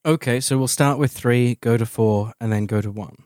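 A man's voice: medium pitch, moderate pace, darkish tone, no echo. Dry-witted Australian man, close dry sound. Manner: dry wit, playful teasing. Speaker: podcast co-host, dungeon master. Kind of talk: casual chat.

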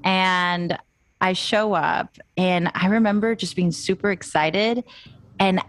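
A woman's voice: lowish voice, fairly even intonation, slow pace, dry recording. A young woman, a photographer, chatting as an interview guest and acting out her own past thoughts as she tells her story. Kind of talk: casual interview chat. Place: moved to Austin.

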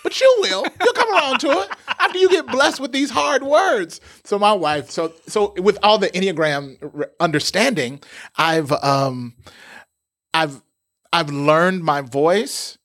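Man, preacher-like, persuasive, declarative, animated pitch, slightly high voice. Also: unhurried. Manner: emphatic, persuasive, preacher-like delivery. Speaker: pastor. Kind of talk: conversational podcast talk.

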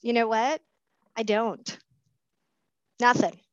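A middle-aged woman giving a candid, self-mocking recovery talk, pausing often with fillers and restarts. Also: a little high, steady tone, no echo. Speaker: speaker sharing at a recovery meeting. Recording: dull, dry lo-fi sound.

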